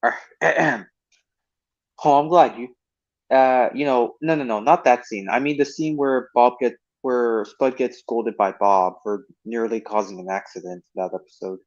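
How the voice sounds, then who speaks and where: A man's voice: mid-range voice, moderate pace. A man hosting a casual voice-chat stream, chatty and enthusiastic, often laughing. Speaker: stream host. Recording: lo-fi online voice chat.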